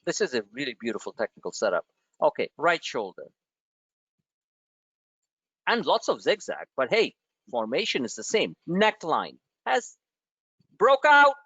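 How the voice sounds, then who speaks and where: A man's voice: medium pitch, sing-song, normal speed, pauses often, fairly bright tone, breathy edge, dry recording, highs cut off. A man hosting a trading webinar, blunt and emphatic, firing off rhetorical questions at his listeners.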